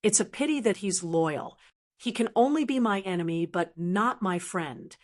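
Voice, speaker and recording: A woman's voice: medium pitch, moderate pace, natural voice. A woman voicing a composed young noblewoman who speaks lightly and coolly. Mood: musing. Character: young noblewoman, calm, sharp-tongued clan leader.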